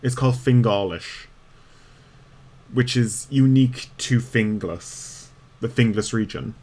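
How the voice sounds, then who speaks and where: A man's voice: medium pitch, slow pace, a little mellow. A man chatting casually and rambling while streaming a video game. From Ireland. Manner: rambling, chatty, frequent laughs. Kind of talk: casual gameplay commentary.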